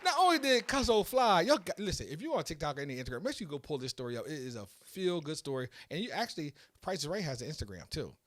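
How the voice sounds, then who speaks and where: A man hosting a casual podcast, telling a story in an excitable, animated way that builds to loud peaks. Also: on the high side, fast talker, few pauses, no echo, clean studio sound. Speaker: podcast host.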